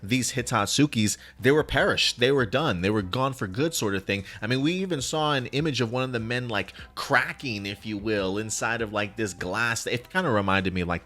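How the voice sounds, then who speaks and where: A man's voice: fairly low pitch, fairly bright tone. A man hosting a video review, talking casually and enthusiastically with lots of fillers and restarts. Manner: enthusiastic, rambling with many fillers. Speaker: host.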